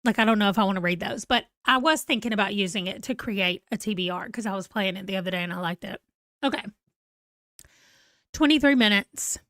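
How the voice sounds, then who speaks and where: A woman's voice: mid-range voice, fairly quick, a bit bright, no room sound, studio quality. A woman in her forties, chatting casually and rambling to viewers on a live stream. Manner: rambling, chatty, self-deprecating. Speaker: book vlogger.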